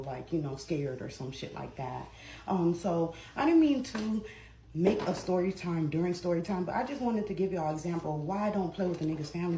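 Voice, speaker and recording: A woman chatting casually in a storytime vlog, animated and profane, jumping between loud bursts and low asides. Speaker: storytime vlogger. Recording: echoey room with faint noise.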